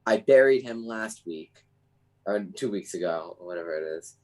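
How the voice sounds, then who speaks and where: A man's voice: fairly low pitch, lively intonation, normal speed, rough recording. A man co-hosting a casual podcast over a video call, playful and mock-serious. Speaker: podcast co-host. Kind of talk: casual chat.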